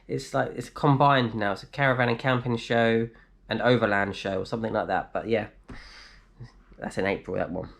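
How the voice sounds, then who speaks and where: A man chatting casually on a live stream from his flat, reading out viewers' comments and answering them. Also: fairly low pitch, moderate pace, vocal fry. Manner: chatty, reads out comments and replies, laughs easily. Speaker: vlogger answering live chat. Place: indoors in a flat.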